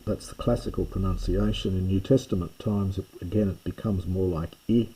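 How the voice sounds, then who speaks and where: A man's voice: low voice, steady tone, brisk, hardly any pauses, dark tone, breathy edge, poor audio. A man teaching a recorded lesson on the Greek alphabet, explaining in a loose way and often correcting himself as he goes. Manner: loose, self-correcting explanations with fillers and restarts. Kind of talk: recorded lecture on Greek pronunciation.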